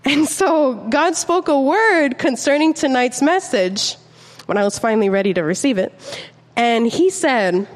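A young woman giving an earnest, chatty sermon, reading scripture slowly and telling a personal story. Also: high-pitched, expressive, long reverb tail. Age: young adult. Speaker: preacher.

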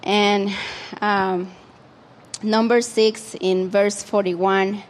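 A woman's voice: mid-range voice, flat delivery, drawn-out words, big-room sound, a little hiss or hum. A woman preaching an informal sermon in a conversational way, with frequent fillers and restarts.

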